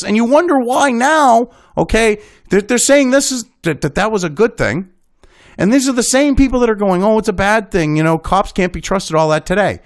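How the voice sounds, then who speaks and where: A man with a high, animated voice rants through a commentary show. He swears freely and sounds indignant and sarcastic, with a pitch that leaps around. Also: no echo, studio quality. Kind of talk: profane ranting commentary.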